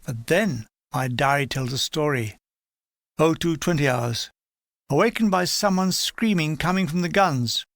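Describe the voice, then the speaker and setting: A man's voice: on the high side, lively intonation, unhurried, fairly bright tone, no echo. An older man reading his own wartime memoir aloud in a dry, wry, matter-of-fact way.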